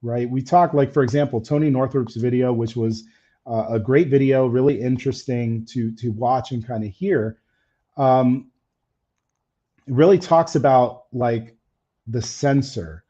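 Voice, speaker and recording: Male stream host, easygoing and candid, slightly faded mellow voice, dull audio. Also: mid-range voice, measured pace. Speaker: camera-gear channel host. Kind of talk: casual live stream chat.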